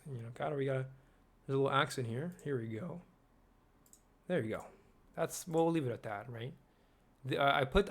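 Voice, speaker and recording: Rambling male host, casual and chatty, keeps quizzing the listener, swears offhand, mid-pitched. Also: slightly rough. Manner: rambling, asks the viewer questions, swears casually. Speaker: video host.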